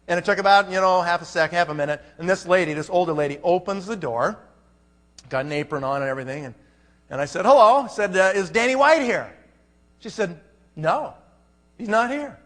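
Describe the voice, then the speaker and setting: A man at a conference telling a funny story with lots of life, doing little voices for everyone in it. His voice is high and bright, and a long reverb from a large hall trails behind it. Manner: animated, acts out every character. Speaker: conference speaker. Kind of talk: comic storytelling.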